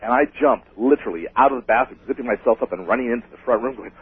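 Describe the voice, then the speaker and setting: A man calling in to a radio show, telling a ghost story in an excitable, rambling way. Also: medium pitch, racing, slightly rough. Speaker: caller. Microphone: telephone. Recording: tinny phone line.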